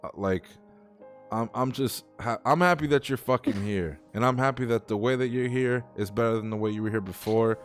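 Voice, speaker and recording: A man's voice: medium pitch, brisk, soft background music. A young man hosting a casual livestream talk show, talking in a heartfelt, rambling way and swearing freely.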